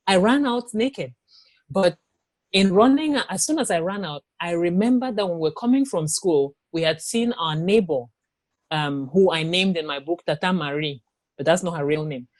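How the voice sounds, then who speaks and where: A woman with a lowish voice recounts her own experiences as an interview guest and author. Her telling is animated, and she acts out the words of others as she goes. The sound is close and dry, with no room around it. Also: normal speed, no echo. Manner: animated, acts out quoted speech. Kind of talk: personal storytelling in an interview.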